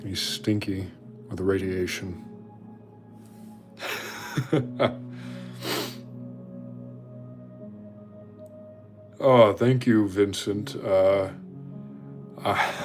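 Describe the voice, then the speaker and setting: Guy with a deep voice doodling requests live, chatty and self-deprecating. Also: takes it slowly, darkish tone, soft background music. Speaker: artist drawing viewer requests on a stream. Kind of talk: casual chat while drawing.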